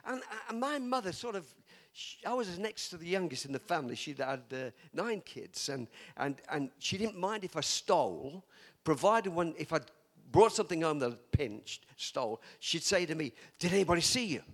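Lively older preacher. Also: male voice, on the high side, moderate pace. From England. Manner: chatty storytelling, laughs often, teasing. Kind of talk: sermon.

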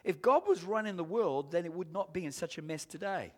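A man preaching a sermon to a congregation, emphatic and rising to shouts, calling for amens and asking the room questions. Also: high voice, animated, fairly quick. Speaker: pastor.

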